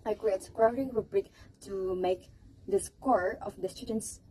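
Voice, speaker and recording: A woman's voice: mid-range voice, unhurried, dark tone, slight background noise, poor audio. A woman presenting a teaching project to a class, hesitant, with fillers and restarts.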